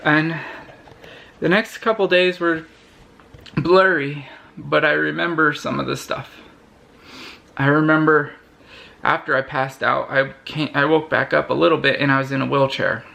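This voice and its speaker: A young man vlogger telling a personal story to camera in an earnest, halting way, often restarting his sentences. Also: a little high, fairly even intonation, vocal fry, pushed and bright.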